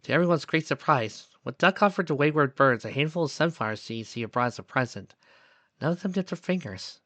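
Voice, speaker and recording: Soft-spoken man reading a story. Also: a little high, expressive, brisk, dry recording. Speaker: narrator. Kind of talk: reading fan fiction aloud.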